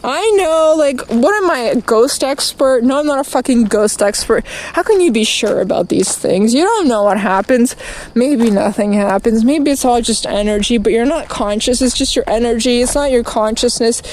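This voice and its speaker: A woman streaming outdoors, delivering a rambling, profane rant and quickly getting angry. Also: a little high, lively intonation, a little mellow, a little hiss or hum, poor audio. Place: outdoors, walking past litter and traffic.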